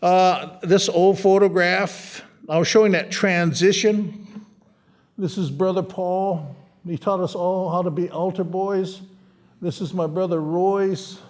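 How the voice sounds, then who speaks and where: A man's voice: sits high, fairly even intonation, takes it slowly. A middle-aged man from the United States, an artist talking casually at an art museum about his photographs, rambling and anecdotal, with frequent restarts and a joking tone. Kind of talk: casual gallery talk.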